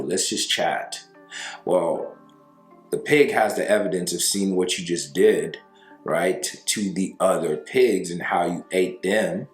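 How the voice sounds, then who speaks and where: A man, a breakup coach, tells a fable as relationship advice in a conversational way, with fillers and slow stressed words. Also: sits low. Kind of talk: storytelling advice monologue. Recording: roomy sound with faint music.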